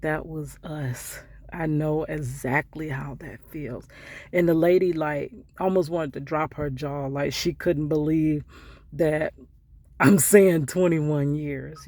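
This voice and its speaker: Gravelly middle-aged woman telling a heartfelt story. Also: low voice, no room sound. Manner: heartfelt, conversational, drifts into hushed asides. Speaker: vlogger. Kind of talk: emotional personal storytelling.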